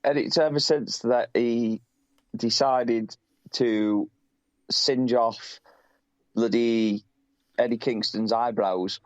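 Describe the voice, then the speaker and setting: A man's voice: mid-range voice, fairly even intonation, takes it slowly, pauses often, a little mellow, no room sound. British man, casual chat, rambling, swears a lot, dry dull audio. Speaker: podcast co-host.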